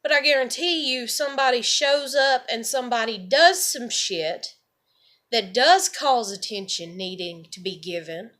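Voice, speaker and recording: A woman with a drawl talks in a loose, rambling monologue, and her voice sits a little high with a bright, forceful edge. She swears easily and keeps circling back with "you know" and "like.". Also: lively intonation, unhurried. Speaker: vlogger.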